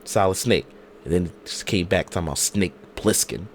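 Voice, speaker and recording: A man with a cold co-hosts a podcast over a video call. His voice comes out hoarse and a bit low is clear as he tells a slangy, animated story. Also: normal speed, slight background noise. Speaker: podcast co-host. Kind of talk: casual chat.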